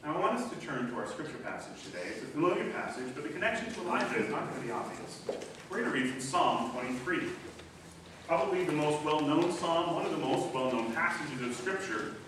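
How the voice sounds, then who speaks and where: A man preaching a sermon as pastor, reading scripture aloud slowly and with emphasis. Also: on the high side, big pitch swings, noisy background. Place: church sanctuary. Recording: echoey church from a distance.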